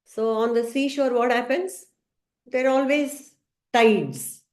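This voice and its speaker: A woman teaching a scripture study class, telling a story gently with some hesitant fillers. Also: a little high, steady tone, takes it slowly. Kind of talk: storytelling lesson. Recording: roomy echo.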